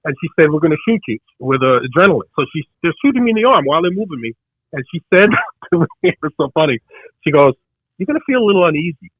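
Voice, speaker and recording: A man's voice: fairly high pitch, husky, no room sound, phone-quality sound. An older man, the hosts' father, telling a story in casual chat and acting out what others said. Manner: rapid, excited storyteller acting out others' lines.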